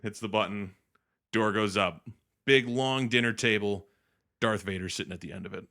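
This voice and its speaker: Low-voiced guy with a bright punchy tone, casually swearing his way through a movie recap. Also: normal speed. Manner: animated, swearing, acts out characters. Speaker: co-host.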